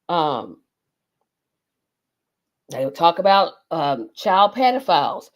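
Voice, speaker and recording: A talkative woman with a light lilt rambles through a casual solo chat. She often stops to correct herself and fills gaps with drawn-out ums. Her voice sits at an ordinary middle pitch. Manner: chatty, meandering, lots of ums and self-corrections. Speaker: host. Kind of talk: casual nostalgic monologue.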